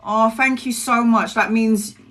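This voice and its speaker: A woman's voice: on the high side, steady tone, unhurried, fairly bright tone. A woman giving live tarot readings to viewers, chatty and emotional, calling people by name and laughing easily. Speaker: tarot reader.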